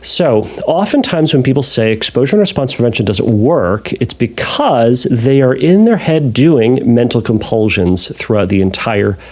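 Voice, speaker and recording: A man's voice: medium pitch, animated, moderate pace, hardly any pauses, a little mellow. Male podcast host, therapist explaining to a listener, casual and wry. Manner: conversational, restarts and sarcastic asides. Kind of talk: answering a listener question.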